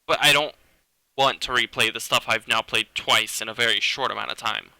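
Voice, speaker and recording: A man's voice: medium pitch, fairly even intonation, brisk, vocal fry, bright, forceful tone, clear, resonant tone, no room sound. A man streaming a game live, chatting casually and reacting to chat and game music. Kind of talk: casual live gameplay commentary. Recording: game music playing behind.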